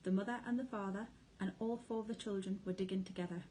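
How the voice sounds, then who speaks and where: A woman teacher reads a children's storybook aloud in clear, expressive narration. Her voice is mellow and warm-toned, at a middle pitch, with a faint background hiss. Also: quick pace, poor audio. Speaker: primary school teacher.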